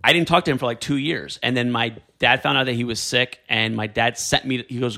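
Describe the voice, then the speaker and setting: A man with a gravelly, bright, edgy voice, telling stories in an easy back-and-forth. He gets animated and laughs partway through his sentences. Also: medium pitch, quick pace. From New York. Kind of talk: casual conversation.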